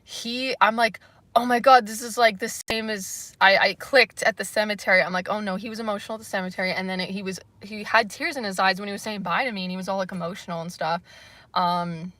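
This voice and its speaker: A young woman from Canada talks to her livestream chat in a loose, rambling way, laughing often between her thoughts. Her voice is bright and forward, at a middle pitch. The sound is dry and close, with no room echo. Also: steady tone, brisk. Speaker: livestream host. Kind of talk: casual livestream chat, reading comments.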